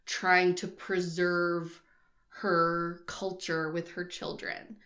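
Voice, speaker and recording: A woman's voice: lowish voice, little pitch movement, very slow, fairly bright tone. A woman co-hosting a casual podcast, telling a story in a chatty way and laughing often. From Boston area, US.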